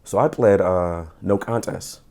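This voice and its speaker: A middle-aged man, a former police officer, telling his story as a podcast guest in casual, animated talk, acting out quotes with stammering restarts. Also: low voice, a little slow.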